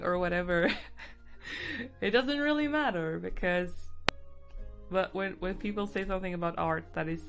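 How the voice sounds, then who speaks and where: A woman's voice: on the low side, normal speed, creaky, pauses often, soft background music. A woman chatting casually on a live art stream, teary and emotional, laughing often.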